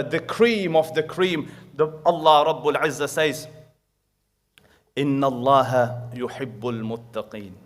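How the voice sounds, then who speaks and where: A man giving an Islamic lecture, telling a story with Arabic verses recited quickly, rising loud for emphasis and dropping soft for quoted prayers. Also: medium pitch.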